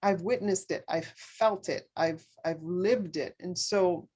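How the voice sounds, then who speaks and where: A woman speaking as a podcast guest, telling a personal story in earnest, halting speech full of fillers and restarts. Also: lowish voice, a little mellow, slightly rough. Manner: earnest, speaks openly about faith.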